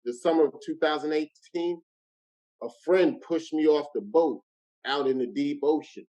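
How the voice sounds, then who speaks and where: A middle-aged man from New Jersey tells a story in a relaxed podcast chat. He talks with lively slang in a slightly raised voice. He speaks as a guest comedian. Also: a little high, normal speed. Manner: animated storyteller, street slang.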